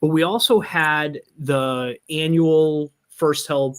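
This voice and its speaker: A man's voice: a little high, steady tone, slow pace, smooth. A man co-hosting a casual interview show, talking in a meandering way with lots of fillers. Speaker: co-host.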